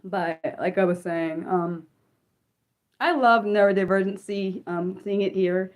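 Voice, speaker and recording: A young woman hosting an unscripted livestream, chatting excitedly with viewers and answering chat, with lots of fillers and restarts. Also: mid-range voice, unhurried. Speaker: livestream host.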